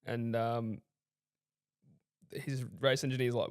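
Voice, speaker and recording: A man's voice: medium pitch, steady tone, normal speed. Man, mid-range voice, easygoing rambling podcast co-host who laughs easily. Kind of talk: casual chat.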